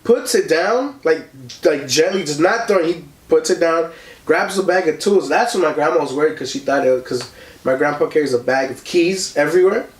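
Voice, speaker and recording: A man's voice: a little high, normal speed, far from the mic. A young man hosting a casual podcast, telling a story with lots of likes and ums and acting out the people in it. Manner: animated, acts out voices in his story, many likes and ums. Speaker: podcast host. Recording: echoey room.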